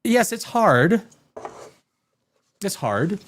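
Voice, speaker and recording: Lively, exasperated male reviewer. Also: high-pitched, extremely slow, background noise. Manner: rambling and exasperated, with sarcastic asides. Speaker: TV show reviewer, host. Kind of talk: casual live-stream review.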